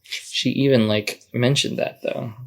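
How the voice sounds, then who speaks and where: A man's voice: medium pitch, fairly even intonation, a little slow, creaky. Man, podcast co-host; dry teasing humor, reads trivia and reviews casually.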